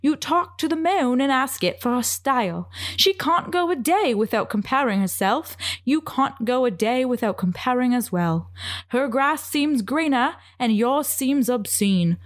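A woman's voice: high-pitched, lively intonation, a little slow, no echo, clean studio sound. A woman doing a mock British poetry recital. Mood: theatrical.

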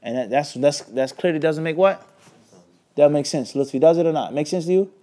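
A man's voice: fairly high pitch, brisk, mellow. A man teaching an Islamic class, lecturing and constantly quizzing his students with questions. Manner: keeps quizzing the class with "what?" and scolding asides. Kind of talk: lecturing with call-and-response questions.

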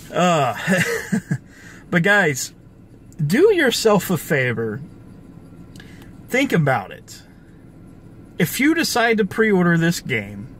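A man's voice: sits high, fairly bright tone, slight background noise. A young man hosting his own gaming channel, ranting angrily about the industry, profane and full of restarts. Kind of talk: ranting video commentary.

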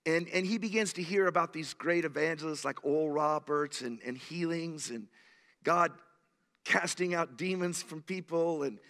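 A man in his sixties, a pastor, preaching a sermon and telling stories in an animated, emphatic way. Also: fairly high pitch, moderate pace. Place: church sanctuary. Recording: long church hall reverb.

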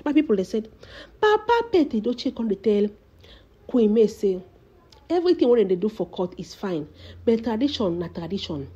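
A woman's voice: mid-range voice, big pitch swings, moderate pace, mellow, husky, dull audio. Woman gossiping in Nigerian Pidgin. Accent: Nigerian Pidgin English. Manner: dramatic storytelling, repeatedly calling out to her audience. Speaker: celebrity gossip vlogger. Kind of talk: casual gossip commentary.

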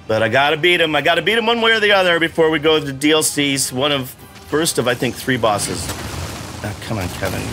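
A middle-aged man giving excitable gameplay commentary, exclamatory and self-mocking, swearing freely. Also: fairly high pitch, brisk, music in the background. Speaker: gaming channel host playing while his son coaches.

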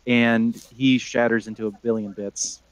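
A man running a tabletop game as game master, narrating the action in a relaxed, chuckling way. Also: mid-range voice, unhurried, crowd noise, poor audio.

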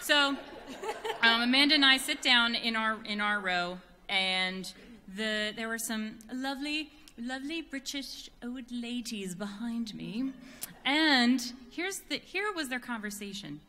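Between songs on a concert stage, an American woman who sings bass in a quartet tells a giggly, self-deprecating story. Her fairly high voice is expressive and sharp-toned at a measured pace, and the concert hall is reverberant.

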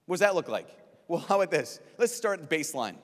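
Man, priest, youth conference talk, animated, jokey, fairly high pitch, long hall echo. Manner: lively, joking, acts out quick voices. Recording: long reverb of a large hall.

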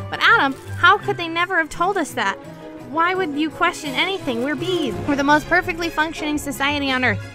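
A woman's voice: sits high, brisk, music in the background. A young woman vlogger reading a movie script aloud in a casual way, giggling and restarting lines.

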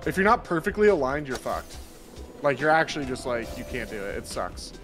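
A man's voice: mid-range voice, very animated, a little fast, a bit bright, faint music behind. A man playing games with friends on a stream, joking, swearing freely, and acting mock-indignant. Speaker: streamer guest. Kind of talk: casual gaming chat with friends.

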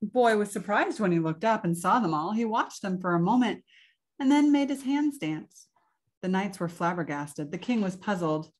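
A woman reading a picture book aloud as a church storyteller, slow and expressive, voicing the sound effects herself. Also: medium pitch.

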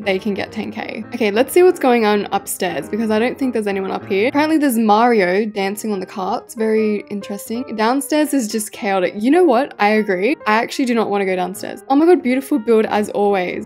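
A woman hosting a casual gameplay video, talking excitably with frequent exclamations and laughter. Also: medium pitch. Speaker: game channel host.

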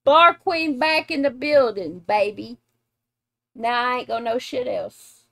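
Slow, blunt, animated woman reacting. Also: fairly high pitch, creaky, no room sound, studio quality. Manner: animated, blunt, laughs and exclaims. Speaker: reaction channel host, mother. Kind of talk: casual reaction chat.

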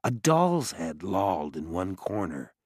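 A man reading an audiobook in expressive scripted narration, close to the mic. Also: deep voice, unhurried, dry recording. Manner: expressive storytelling.

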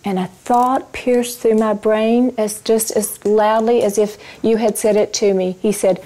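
A woman in the middle of her natural pitch range shares a personal testimony of faith with a live audience. Her storytelling is expressive, and she often turns to ask her listeners questions. At tender moments she drops into soft, hushed tones. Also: unhurried, few pauses. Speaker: Christian ministry speaker.

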